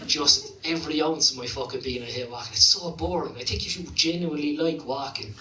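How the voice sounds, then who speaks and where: A man with a Limerick Irish accent doing stand-up, voice pitched a bit high, telling loose, profane stories padded with "like" and "you know". The sound is echoey and somewhat distant, with a noisy club room and laughter behind him. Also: brisk, bright, forceful tone. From Ireland. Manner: profane, rambling storytelling with lots of "like". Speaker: stand-up comedian. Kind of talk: stand-up comedy set. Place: comedy club stage.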